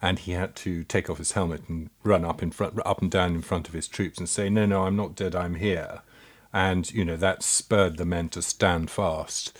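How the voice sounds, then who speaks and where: Deep-voiced man hosting a podcast. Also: steady tone, normal speed, few pauses, slightly rough. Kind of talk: casual podcast conversation.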